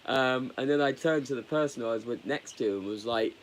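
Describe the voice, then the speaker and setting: A man chatting candidly on a live stream, rambling and halting. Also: mid-range voice, slight background noise. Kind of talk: casual live stream chat.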